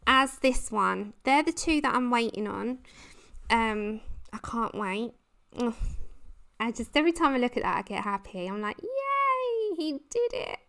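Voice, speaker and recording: A woman's voice: high-pitched, sharp tone, clean tone. A woman hosting a casual colouring livestream, chatting and giggling as she reads the chat. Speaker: livestream host.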